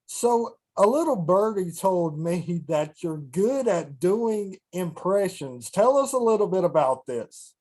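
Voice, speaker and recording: Host asking quick questions, plain mid voice, keeps it moving. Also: medium pitch, expressive, a little mellow. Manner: brief, prompting questions. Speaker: interviewer. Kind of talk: interview questions.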